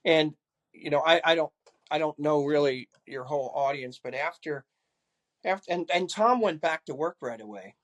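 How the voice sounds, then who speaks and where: A man's voice: on the high side, fairly bright tone, lo-fi sound. An older man from California, a retired police chief, telling a personal story with many restarts and repeated words. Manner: halting, repeats words, acts out dialogue. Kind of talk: casual storytelling interview.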